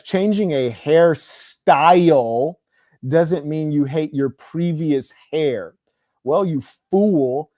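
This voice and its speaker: A man's voice: mid-range voice, dark tone, no room sound, clean studio sound. A man hosting an online livestream, delivering a combative monologue in a boastful, scornful, preachy way. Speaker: online show host.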